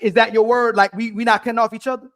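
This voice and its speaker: High-pitched, fast-talking male host. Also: flat delivery, fairly bright tone. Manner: insistent, repeats questions over and over. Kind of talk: heated live debate.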